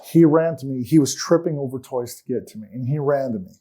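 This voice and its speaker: A man telling his own story in an earnest, aggrieved way as a talk-show guest. His voice is mellow and warm, set in an ordinary middle pitch, and his sentences often sink to a quiet finish. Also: quick pace.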